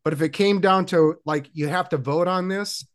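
A man co-hosting a casual podcast, making wry deadpan quips. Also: high-pitched, moderate pace. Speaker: podcast co-host. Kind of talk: casual chat.

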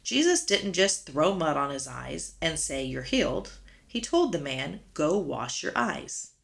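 Low, gravelly-voiced woman teaching. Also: sing-song, measured pace. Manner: earnest, asks rhetorical questions. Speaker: guest speaker. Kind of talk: devotional Bible teaching.

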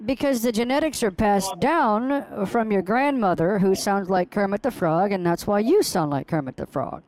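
A woman's voice: medium pitch, normal speed, darkish tone, poor audio. A woman on a prank call, berating a phone scammer with mocking, profane insults.

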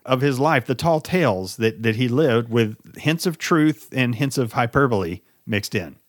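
A man's voice: mid-range voice, lively intonation, moderate pace, dry recording. Male co-host, easygoing movie chat, dry close sound, casual swearing. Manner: laid-back, chuckling, swears casually. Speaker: podcast co-host.

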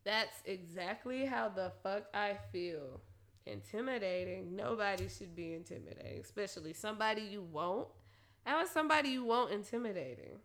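A woman talking straight to her listeners in a blunt, profane casual monologue, laughing often and getting loud and animated when she rants. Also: mid-range voice, normal speed. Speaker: solo talker giving advice.

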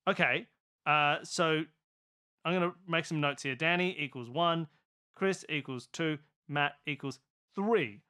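A man's voice: fairly high pitch, unhurried, sharp tone, clean tone. A man playing a tabletop game, thinking aloud and guessing, getting exasperated at the other players.

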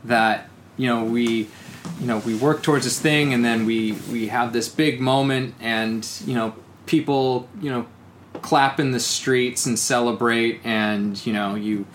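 A man's voice: medium pitch, fairly even intonation, measured pace. Podcast guy rambling thoughtfully, lots of you knows, slight background hiss. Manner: rambling, many restarts and "you know"s, reflective. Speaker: podcast co-host. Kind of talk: casual podcast chat.

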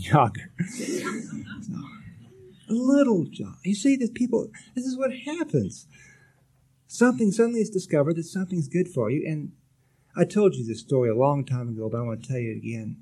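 A man giving a sermon as a spiritual teacher, gently exhorting his listeners with light touches of humor. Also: fairly high pitch.

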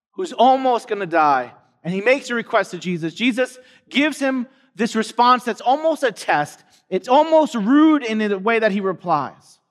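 Male pastor, conversational storyteller with emphatic repetition; high voice, big reverberant sanctuary. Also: a bit bright. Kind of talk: sermon. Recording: long hall reverb.

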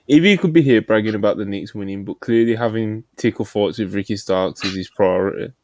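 A man's voice: lowish voice, moderate pace, a little mellow, dry recording. A man hosting a podcast in casual chat, laid-back, laughing often and reading out donations.

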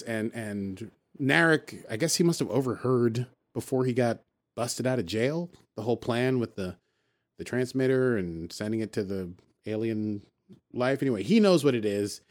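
A man with a middle-pitched voice talks through an episode recap in loose, casual chat. He rambles, laughs at himself and tosses off quick character voices whenever he quotes someone. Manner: rambling, playful, does quick character voices when quoting. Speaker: podcast co-host.

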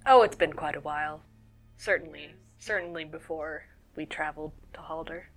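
A woman's voice: low voice, moderate pace. A woman playing a tabletop role-playing game, playful and sassy as she talks in character. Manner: playful, sassy, laughs often. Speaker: player. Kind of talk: casual in-character play.

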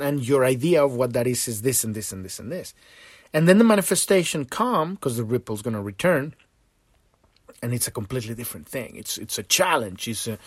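A man hosting a podcast in a casual spiritual monologue, animated and profane, acting out quotes and laughing often. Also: medium pitch, no room sound. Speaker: podcast host.

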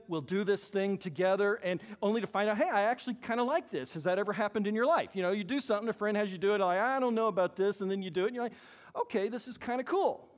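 A man preaching a sermon as pastor, animated and acting out the voices he quotes. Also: a little high. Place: church hall. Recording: long hall reverb.

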